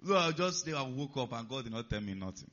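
A man preaching a sermon, animated and putting rhetorical questions to his listeners. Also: medium pitch, brisk, muffled recording.

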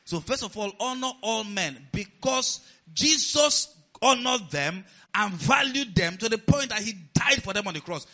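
A man preaching a sermon as pastor of a church, animated and rising to near-shouts. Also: sits high. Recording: dull lo-fi sound.

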